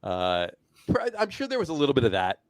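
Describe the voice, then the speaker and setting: A man's voice: mid-range voice, huge pitch swings, fast, clear, resonant tone, dry recording. A man co-hosting a casual beer podcast, rambling with fillers and restarts. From New Jersey. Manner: rambling, many restarts and fillers, laughs often. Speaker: podcast co-host. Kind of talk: casual chat.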